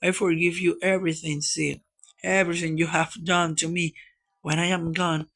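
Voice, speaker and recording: A man's voice: fairly high pitch, level tone, moderate pace, creaky, a bit bright. Man doing a whiny melodramatic boy. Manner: whining, melodramatic. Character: boy Tom faking illness, whiny, dramatic.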